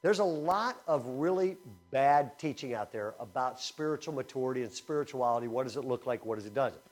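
A man preaching a sermon in a conversational style, energetic and swinging between loud emphasis and quiet asides. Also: medium pitch, brisk, faint music behind. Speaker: speaker at a camp teaching session.

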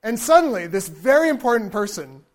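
A man giving a lecture in a relaxed, conversational way, often asking his listeners "right?" and chuckling between points. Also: very high voice, brisk. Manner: conversational, checks in with the audience; imitates baby babble to illustrate points. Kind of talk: lecture to an audience.

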